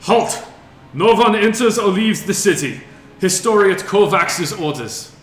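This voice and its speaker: A man voicing a burly, gruff male city gate guard, commanding and barking orders. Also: sits high, lively intonation, unhurried, a bit bright, pitched above the performer's own voice. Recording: roomy echo with music behind.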